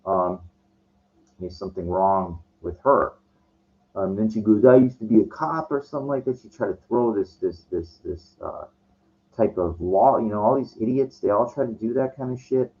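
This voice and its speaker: A low-voiced man rants through a story, swearing often and tripping over his own restarts. His voice comes through a dull, lo-fi recording. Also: moderate pace. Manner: profane, agitated, stumbling restarts. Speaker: vlogger. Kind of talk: casual storytelling rant.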